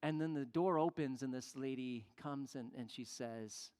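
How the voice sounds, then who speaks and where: A pastor preaching a sermon as an animated storyteller who acts out the people in the story. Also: medium pitch, normal speed, hardly any pauses, clean tone. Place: church sanctuary. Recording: long church reverb.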